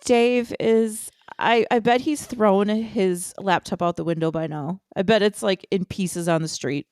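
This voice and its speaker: An American woman co-hosts a casual fan podcast, telling her stories with animation and frequent laughter. Her voice sits at an ordinary middle pitch. The recording is dry and close, with little room sound. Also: fairly even intonation, a little slow, darkish tone, smooth, no room sound. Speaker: podcast co-host.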